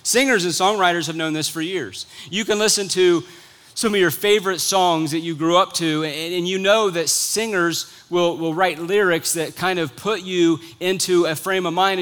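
A male pastor with a high voice delivers a sermon in an earnest storytelling manner. He retells an old story, then turns to press its lesson on his listeners. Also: a bit bright.

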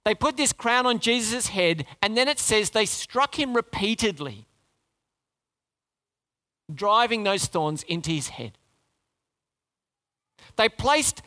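A man delivers a sermon, retelling a story through rhetorical questions and sudden dramatic drops into a low, hushed voice.

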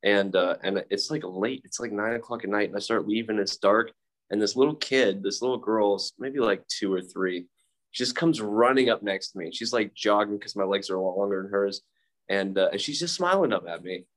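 Candid, swearing man with a lowish voice. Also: normal speed, a bit bright. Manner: candid, profane, self-mocking, with frequent fillers. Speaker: speaker sharing at a recovery meeting. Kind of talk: casual personal storytelling.

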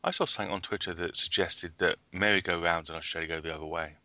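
A man's voice: sits low, steady tone, quick pace, sharp tone, dry recording. A man hosting a podcast in casual, jokey banter, laughing often. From South London, England. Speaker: podcast host. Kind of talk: casual chat.

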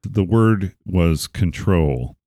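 A man's voice: low-pitched, lively intonation, extremely slow, dark tone, dry recording, clean studio sound. A man hosting a podcast, chatting casually with a rambling, playful, self-correcting way of talking. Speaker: podcast host. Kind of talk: casual chat.

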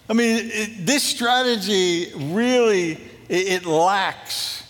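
A man preaching a sermon as a pastor, telling a Bible story in a lively, joking way and acting out what the characters say. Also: sits high, takes it slowly, big-room sound. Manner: animated, jokey storytelling that acts out scripture quotes.

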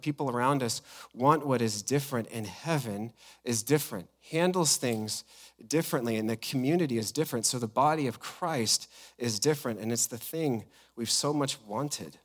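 Male pastor, sermon delivery, animated storyteller, middle pitch. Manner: personal storytelling, animated, quoting others.

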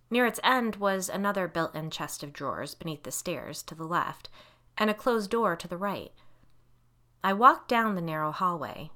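A woman narrating a novel in the first person at a steady, measured pace. Her voice sits low for a woman yet carries a bright, forceful tone. It is a scripted audiobook read.

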